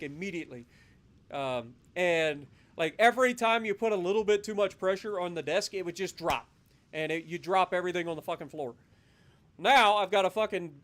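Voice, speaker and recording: A man streaming live gameplay, commenting casually and breaking into loud, profane rants. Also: sits high. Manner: profane, swings into loud ranting. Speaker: gaming livestreamer.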